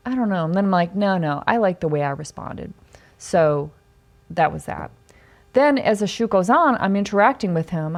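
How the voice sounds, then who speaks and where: A woman on a podcast tells a long story in a loose, conversational way. Her voice sits fairly low, and she keeps slipping into the voices of the people she quotes. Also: gravelly. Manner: chatty, animated retelling with quoted dialogue. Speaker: podcast host. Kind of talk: casual storytelling.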